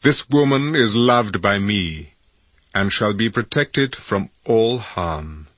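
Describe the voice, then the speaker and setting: A man with a husky voice, voicing an ancient Egyptian king who speaks in a formal, passionate way with slow emphasis. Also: lowish voice, lively intonation, a bit bright, no room sound, full character voice.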